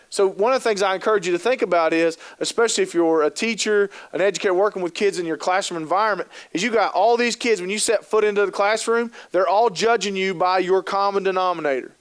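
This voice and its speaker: A man with a high voice gives a conference talk at a training session. He tells stories with animation, acting out the inner voices of the people he describes and putting rhetorical questions to his audience. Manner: animated storytelling, acts out quoted thoughts.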